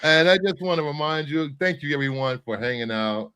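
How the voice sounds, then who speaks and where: A man's voice: fairly high pitch, expressive, brisk, bright, forceful tone, clean tone. Joking man hosting a chatty show. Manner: joking, rambling, with many fillers. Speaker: podcast host. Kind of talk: casual chat.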